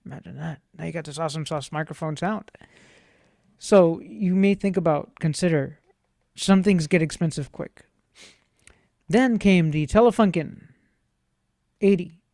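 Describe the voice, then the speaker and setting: A man's voice: sits high, measured pace, pauses often, a little mellow, no room sound. A man vlogging casually, playful and jokey, rambling to himself about gear and laughing often, close on a studio microphone.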